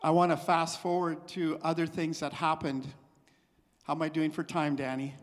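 A male missionary preacher giving a sermon testimony, swinging between hushed and loud, excited passages. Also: a little high, moderate pace. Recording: long hall reverb.

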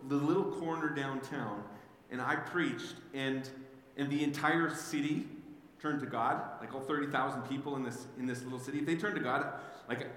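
A man preaching a sermon as a pastor, telling the story in an animated way and often repeating words as he goes. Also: mid-range voice. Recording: echoey hall with faint ambience.

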